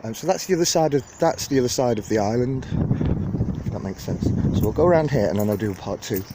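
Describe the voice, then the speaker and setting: Vlogging a walking tour through a city park, this young Englishman from Widnes speaks in a Liverpool-area accent, talking fast in a mid-range voice. He rambles, jokes, and keeps things lively and chatty. It's phone video shot outdoors on a handheld camera, with wind and park sounds clearly audible.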